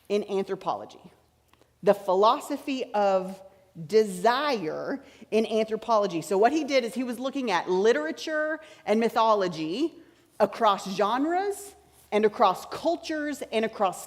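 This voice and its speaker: A woman preaching a teaching-style sermon, chatty and explaining, repeating her key points. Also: a little high. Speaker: pastor. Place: large church sanctuary. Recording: church hall reverb.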